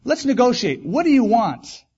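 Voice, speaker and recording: A man's voice: very high-pitched, sing-song, moderate pace, mellow, breathy edge, muffled recording, pitched above the performer's own voice, exaggerated voice. A man voicing a cunning male bear who talks in a soothing, comforting tone. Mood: coaxing. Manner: coaxing, comforting tone.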